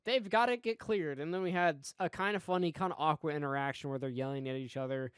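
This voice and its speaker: A young man co-hosting a casual show review, swearing freely and getting loud when he rants. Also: on the high side, fast talker, clear, resonant tone, dry recording, clean studio sound. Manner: swears a lot, gets loud and excited when ranting.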